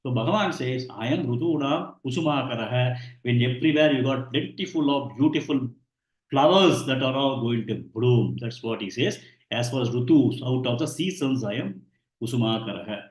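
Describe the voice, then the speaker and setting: A man giving a scripture lesson, explaining patiently, repeating himself and pausing often with "uh". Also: medium pitch. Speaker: scripture teacher. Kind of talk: explanatory lecture. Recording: roomy echo.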